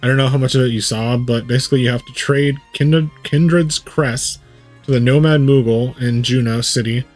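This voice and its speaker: A male game streamer gives casual live commentary, rambling and thinking aloud in a medium-pitched, steady, darkish voice at moderate pace. He uses a studio USB condenser mic, with faint game music underneath.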